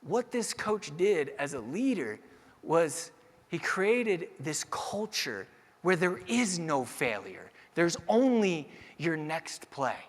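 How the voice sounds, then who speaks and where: A young man giving a motivational keynote speech, moving from personal storytelling to energetic calls to the audience. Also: fairly high pitch, takes it slowly. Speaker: keynote speaker. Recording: long hall reverb.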